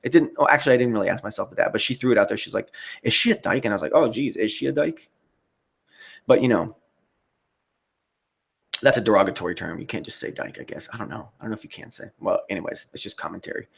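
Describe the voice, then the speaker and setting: Low gravelly man ranting on a livestream. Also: rapid-fire. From United States. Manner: rambling, profane, reads chat comments. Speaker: livestream host. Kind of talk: casual livestream commentary.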